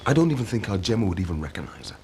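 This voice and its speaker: A man's voice: sits low, sing-song, rapid-fire, darkish tone, slight background noise. An actor playing a worried single father who is talking his problems through. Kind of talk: TV soap acting.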